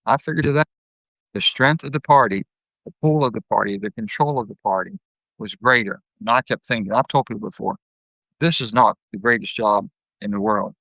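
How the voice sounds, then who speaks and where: Forceful blunt older man. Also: fairly quick, creaky, dry recording, low-quality recording. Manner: blunt, folksy, acts out his anecdotes with lively jumps in pitch. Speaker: guest, former senator. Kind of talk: candid storytelling interview.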